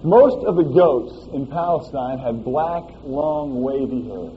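A man preaching a sermon in a folksy, animated way, often asking "all right?" as he explains a scripture passage. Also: medium pitch, slow pace, muffled recording, slight background noise.

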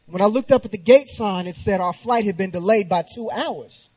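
A man in his thirties preaching through a comic personal story, animated and slangy. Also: high voice, brisk, few pauses. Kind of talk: humorous sermon storytelling.

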